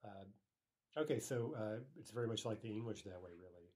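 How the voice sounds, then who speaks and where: A man's voice: lowish voice, expressive, normal speed, darkish tone. A man teaching a language lesson, patiently explaining grammar and repeating each example aloud.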